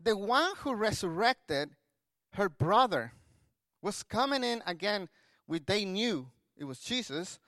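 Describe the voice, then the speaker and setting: High-voiced pastor preaching a sermon. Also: male voice, sing-song, slow pace, sharp tone, dry recording.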